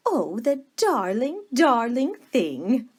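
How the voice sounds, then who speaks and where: A woman's voice: high-pitched, very animated, measured pace, darkish tone, voice pushed up, exaggerated voice. A woman voicing a doting, affectionate older wife in a storybook, with a tender, cooing manner.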